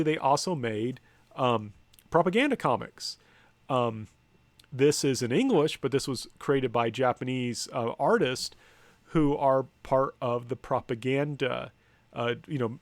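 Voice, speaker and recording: A man's voice: medium pitch, dry recording. A man giving a lecture from slides, speaking conversationally with frequent ums, restarts and wry asides. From United States. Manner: conversational, hesitant, many ums and self-corrections.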